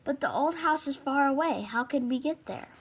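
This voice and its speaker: A woman's voice: high-pitched, moderate pace. A woman reading the lines of an eager boy rag doll in a storybook, in a plain reading voice.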